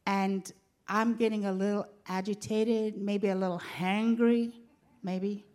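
A woman, telling a lively personal story to a church congregation and acting out the voices of the people in it. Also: mid-range voice, unhurried. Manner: animated, acts out quoted voices. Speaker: pastor's wife telling a story.

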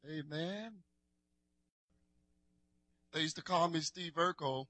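A man's voice: fairly high pitch, slow, pauses often, sharp tone, dry recording. A man, leading a worship concert, chatting playfully with the crowd and urging them on like a preacher. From New Orleans, USA. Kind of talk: stage banter and exhortation between songs.

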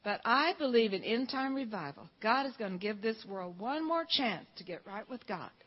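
A woman's voice: on the high side, expressive, normal speed, husky. An older woman from Georgia, telling a fervent story-filled testimony at church. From Georgia, USA. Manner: storytelling, fervent, quotes people in dialogue. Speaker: church speaker giving testimony. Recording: dull lo-fi recording.

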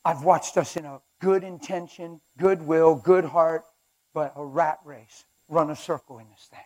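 A man preaching a sermon in an emphatic, animated manner, acting out little skits along the way. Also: on the high side, unhurried.

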